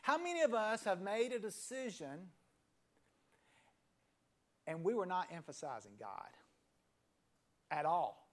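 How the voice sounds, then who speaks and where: A fifty-something pastor with a high-pitched voice and big pitch swings gives a sermon in an easy, conversational tone. He tells a story and pauses, softening the ends of key phrases to a near-whisper.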